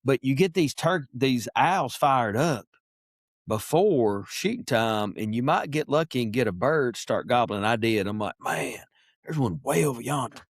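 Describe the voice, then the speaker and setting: A middle-aged man, a podcast guest chatting casually and telling lively stories, now and then imitating animal calls. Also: medium pitch, a little slow, dry recording, studio quality. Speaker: podcast guest, wildlife biologist. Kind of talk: casual interview chat.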